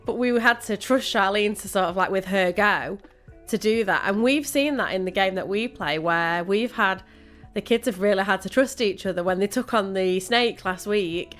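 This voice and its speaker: A woman's voice: medium pitch, normal speed, a bit bright, soft background music. A woman co-hosting a live show, talking casually and at length with restarts. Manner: chatty, rambling with restarts and laughter. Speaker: co-host. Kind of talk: casual radio chat.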